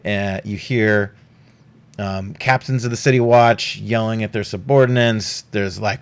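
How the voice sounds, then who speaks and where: A man's voice: on the low side, fairly even intonation, unhurried, clear, resonant tone. Rambling, casual male game master. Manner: casual, rambling, many fillers, swears. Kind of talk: narrating a tabletop game.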